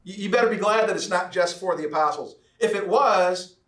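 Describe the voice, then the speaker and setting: High-voiced preacher in an echoey church. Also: male voice, a bit bright, far from the mic. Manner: emphatic preaching, repeats key phrases, slows down to stress words. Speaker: pastor. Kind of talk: sermon. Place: church sanctuary.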